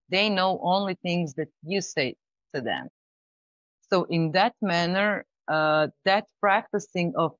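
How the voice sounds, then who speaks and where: A woman guest talking casually about pitching, in a thoughtful, halting way with restarts. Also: no room sound. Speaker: startup founder, guest. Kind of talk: casual interview talk. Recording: slightly dull lo-fi audio.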